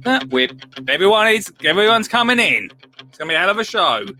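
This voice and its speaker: Over soft background music, a British man with a high, sing-song voice talks fairly quickly in a pushed, bright tone. He's hosting a live gardening show from his home studio, chatting casually, teasing himself, and restarting often.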